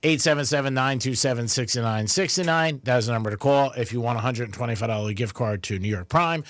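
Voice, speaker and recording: A male radio host with a mid-range voice, relaxed and chatty as he banters with his co-hosts. The studio sound is close and dry, with no room echo. He slips easily into reading contest details and phone numbers. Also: medium pitch, fairly quick. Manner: easygoing, runs contests and reads out phone numbers. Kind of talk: casual talk radio banter. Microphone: studio microphone.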